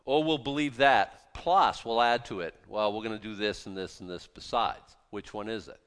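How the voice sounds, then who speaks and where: A man's voice: fairly low pitch, moderate pace, fairly bright tone, clean tone, long reverb tail. A man preaching a sermon with passion and zeal, mixing in mocking asides. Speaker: pastor.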